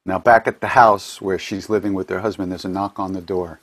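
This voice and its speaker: Hosting an online gathering from home on a computer mic, a man rambles casually through spiritual stories and keeps restarting his sentences. His low voice is brisk with fairly even intonation.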